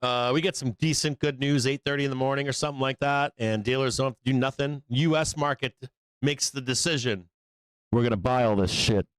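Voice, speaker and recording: A man hosting a live stock market show, explaining market moves in a casual, profane way and acting out traders in quick asides. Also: medium pitch, smooth, dry recording.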